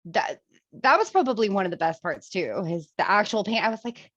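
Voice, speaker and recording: Woman, casual movie chat, lively swooping pitch, dry muffled sound. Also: fairly quick, dry recording. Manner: animated, laughing, swearing casually. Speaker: co-host reviewing a movie.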